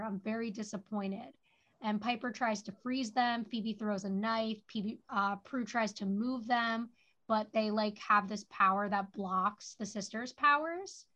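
This podcast co-host has a bright, forceful, medium-pitched voice. She chats casually while recapping an episode of a TV show, dropping "like" constantly, in a flat, low-fidelity recording.

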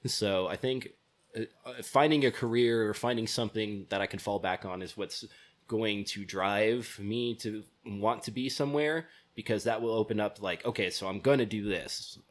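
A man chats casually, weighing what he might do with his life. His voice sits fairly low. He hesitates often and leans on fillers as he thinks aloud. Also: normal speed. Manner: musing, hesitant with many fillers. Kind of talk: casual chat.

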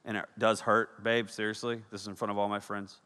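A man in his thirties preaching a sermon, telling stories with energy that swings from loud bursts to hushed, serious points. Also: fairly low pitch, little pitch movement, a little fast, clear, resonant tone. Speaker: pastor. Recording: long hall reverb.

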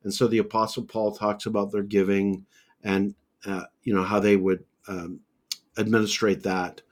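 A man's voice: fairly low pitch, level tone, moderate pace. Methodical man teaching on a podcast. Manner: methodical, lists points with scripture references.

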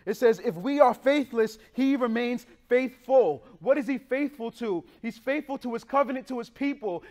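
A young male pastor preaching a sermon in a conversational way, with slang and quick swings between loud bursts and hushed lines. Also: very high-pitched.

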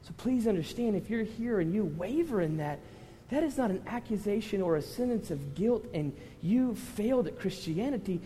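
A male pastor preaching to a congregation, conversational with loud impassioned rises. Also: high voice, lively intonation, moderate pace, slight background noise. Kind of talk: sermon. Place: church hall with congregation. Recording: reverberant hall with faint ambience.

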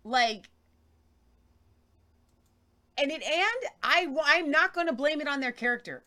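A woman's voice: sits high, animated, moderate pace, bright, forceful tone. A woman co-hosting a news commentary show, talking emphatically and reading viewer comments aloud. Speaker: co-host.

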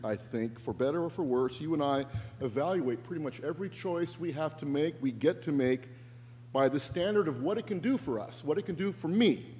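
In an echoey church sanctuary with a faint hum, a man with a mid-range, dark-toned voice delivers a sermon as pastor. He sounds earnest and reflective, with shifting emphasis.

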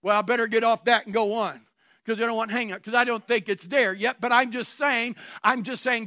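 A male pastor preaching a sermon to his congregation, full of rhetorical questions and bursts of shouting. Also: very high-pitched, fairly even intonation, a little fast, no room sound, clean studio sound. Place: church sanctuary before a congregation.

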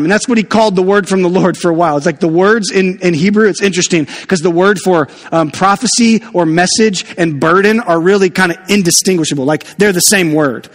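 A man preaching a sermon in a church, chatty and animated with jokey asides. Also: sits high, fast, few pauses, big-room sound. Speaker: pastor.

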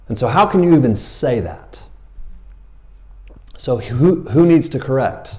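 A man's voice: mid-range voice, lively intonation, a little slow, long pauses, a little mellow. A man preaching a sermon in church, casual and joking, acting out Bible characters in a raised voice. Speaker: pastor.

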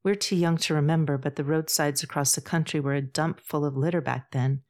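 A woman's voice: low-pitched, steady tone, brisk, a little mellow. A woman voicing an earnest, sensitive young activist. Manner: earnest, patient, impassioned.

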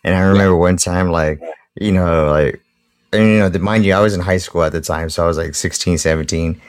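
A man with a very deep voice telling a rambling, casual story. He swears offhandedly and chuckles at his own tale. The recording is dry and close. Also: steady tone, brisk, clean tone, dry recording.

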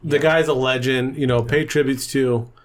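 A man's voice: mid-range voice, fairly even intonation, normal speed. A man in casual chat, laid-back, mostly adding short remarks.

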